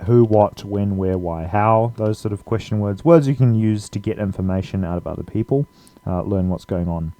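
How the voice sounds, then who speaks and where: Man teaching a language, low mellow voice, dry close sound, easygoing delivery. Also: dry recording. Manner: relaxed, with frequent fillers and laughs. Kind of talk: casual language lesson.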